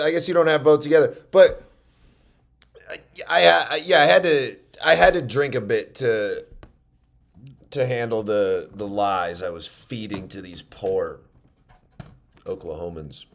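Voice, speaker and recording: Man with a new york accent, stand-up comic, rambling, self-mocking, middle pitch. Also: unhurried, creaky, pauses often. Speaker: stand-up comedian. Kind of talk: casual storytelling monologue.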